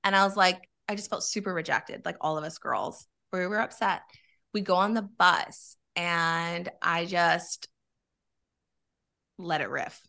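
A woman tells a personal story in a loose, candid way, with plenty of swearing. Her voice is bright and has a gravelly, fried edge to it. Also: fairly low pitch, a little slow. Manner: candid, animated, swears freely. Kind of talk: casual storytelling chat.

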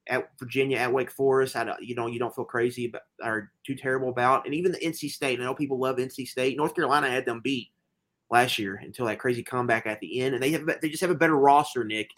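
A man's voice: medium pitch, steady tone, fast, fairly bright tone. A man co-hosting a sports betting podcast, talking through picks in a rambling, enthusiastic way with lots of fillers. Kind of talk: casual sports betting chat.

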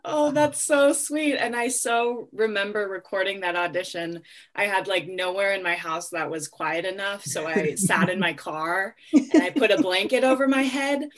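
Animated woman narrator telling a story. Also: mid-range voice, normal speed. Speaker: audiobook narrator as a guest. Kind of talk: casual interview over video call.

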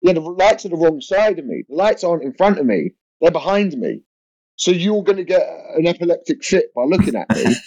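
A man's voice: fairly high pitch, animated, brisk, mellow. A young man, a comedian, telling an anecdote in casual podcast chat, rambling with lots of fillers and restarts. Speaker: comedian guest. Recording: dull lo-fi audio.

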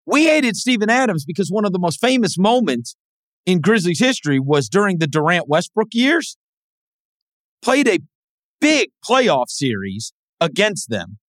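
A man co-hosting a sports podcast who tells stories with animated energy. His voice sits a little high and swings widely in pitch, and it is recorded dry with no room sound. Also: unhurried, no echo. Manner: animated storyteller, jumps into high mimicking voices. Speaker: podcast co-host. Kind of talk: casual sports talk.

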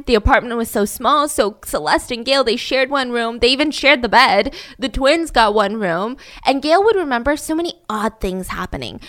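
A young woman recounts a true-crime story in a casual, chatty way, with wry, sarcastic asides along the way. Her voice sits fairly high for a woman. The recording is close and dry, with no room sound. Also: a bit bright, no echo.

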